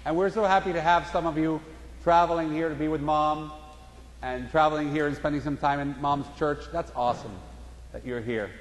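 A man delivers a sermon from the pulpit with a high voice. He tells stories and slips into the voices of the people in them. His voice rings out through a large church with a long echo. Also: fairly even intonation, a little fast. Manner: storytelling preacher, acts out voices in anecdotes. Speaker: pastor. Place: church sanctuary. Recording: echoey church hall.

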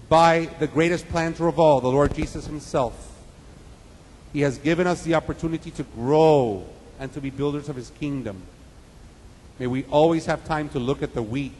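A man's voice: medium pitch, a little mellow, breathy edge, in a large hall, low-quality recording. A man preaching a sermon with an emphatic, repetitive cadence, building points in parallel phrases.

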